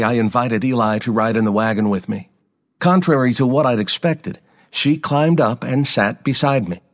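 A man giving a scripted first-person narration of a story in a measured, even manner. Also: on the low side, big-room sound.

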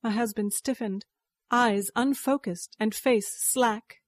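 A woman reading a story aloud in first person, slow and measured. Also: a little high, fairly even intonation, no room sound, studio quality. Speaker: narrator. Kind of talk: scripted story narration.

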